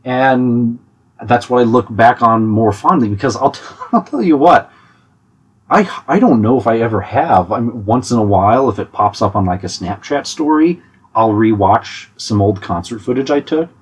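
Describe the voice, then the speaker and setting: Young man, husky, lively pitch, casual chatty monologue. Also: normal speed. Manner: chatty, animated, many restarts and laughs. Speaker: podcast host giving concert tips.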